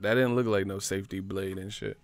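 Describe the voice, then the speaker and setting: A man hosting a casual live stream, rambling and swearing, laughing often and acting out movie lines in loud, high voices. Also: fairly even intonation, fairly quick, faint music behind.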